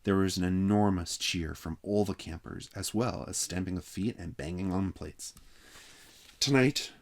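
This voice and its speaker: A man reading a children's novel aloud with steady, expressive narration. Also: low voice, moderate pace. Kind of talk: read-aloud story narration.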